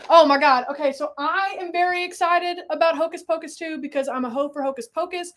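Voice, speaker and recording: A young woman chatting excitedly while hosting a live stream. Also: very high-pitched, brisk. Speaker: livestream host. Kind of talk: casual livestream chat.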